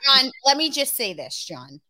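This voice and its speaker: A woman's voice: high voice, very animated, normal speed, bright, forceful tone, dry recording. A woman co-hosting a podcast, chatting bubbly and crude with her friends. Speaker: podcast co-host. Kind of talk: casual podcast chat.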